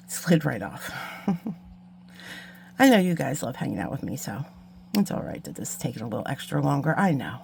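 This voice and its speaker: Chatty beading lady, bit of gravel in her voice, mutters to herself mid-task, faint hum behind. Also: low-pitched, very animated, normal speed, pauses often, a little mellow. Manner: chatty, self-mocking, muttering asides while working. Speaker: beading channel host. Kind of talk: casual craft tutorial chat.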